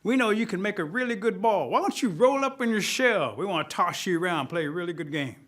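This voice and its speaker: A man's voice: high-pitched, expressive, a little fast, a bit bright. A man voicing a pack of pushy, playful wolves who bully a turtle, in a wheedling tone.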